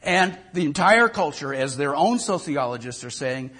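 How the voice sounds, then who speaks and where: Husky older man preaching conversationally. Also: a little high, expressive, normal speed, pushed and bright. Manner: conversational, repeats words while thinking. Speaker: pastor. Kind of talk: sermon.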